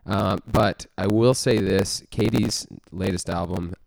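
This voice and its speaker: Texas-raised male podcast co-host, low gravelly voice, rambling self-deprecating banter, dry close sound. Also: steady tone, measured pace, darkish tone, dry recording. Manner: rambling, self-mocking, many fillers and restarts. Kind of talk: casual music podcast chat.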